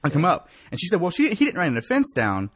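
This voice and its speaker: Animated, profane young man telling a story. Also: on the high side, fast, no room sound. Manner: animated, profane, acts out quotes with sharp rises. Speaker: podcast co-host telling a story. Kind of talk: casual chat, storytelling.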